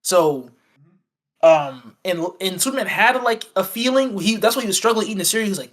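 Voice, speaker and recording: A man's voice: high-pitched, expressive, fairly quick, a bit bright. A man co-hosting a casual film review chat, rambling and acting out quoted lines with many fillers and restarts. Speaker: podcast co-host.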